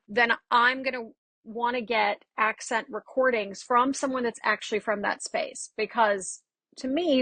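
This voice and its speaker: A woman with a slightly raised pitch and a breathy, husky edge speaks as a dialect coach on a podcast. She tells lively stories and acts out quoted back-and-forths. The sound is dry and close, with almost no room around it. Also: no echo. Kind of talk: casual interview chat.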